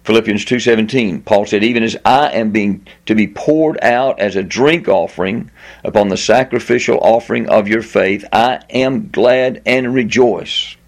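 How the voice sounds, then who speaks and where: Emphatic preaching man. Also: on the low side. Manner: emphatic preaching, slowing and lifting on key words; reads scripture aloud with stress on repeated words. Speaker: pastor. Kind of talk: sermon.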